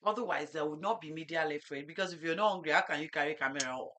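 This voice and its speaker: A middle-aged Nigerian woman, a farmer hosting a casual talk show, telling animated stories and dropping in Yoruba phrases. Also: low-pitched, racing.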